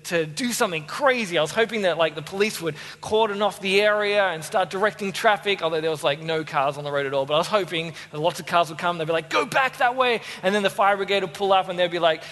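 An Australian man preaching a sermon, telling a story with lively acted-out voices. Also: sits high, quick pace, hardly any pauses. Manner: animated storyteller, acts out voices. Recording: long hall reverb.

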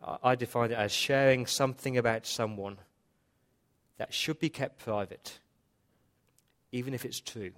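Male pastor, earnest sermon delivery, mid pitch. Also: moderate pace, long pauses, fairly bright tone. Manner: earnest, emphatic repetition. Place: church.

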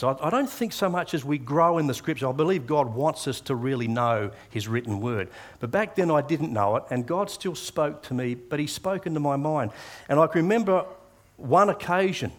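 Man, middle-aged, earnest preacher, conversational sermon, mid-pitched voice. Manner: earnest, conversational, with many restarts. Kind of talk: sermon with personal testimony.

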